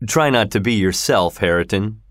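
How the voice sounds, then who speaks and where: A man's voice: fairly low pitch, animated, moderate pace, no room sound, studio quality, close to an everyday voice. A man voicing a cruel, scheming middle-aged landowner in a read-aloud story, with a cold, mocking manner.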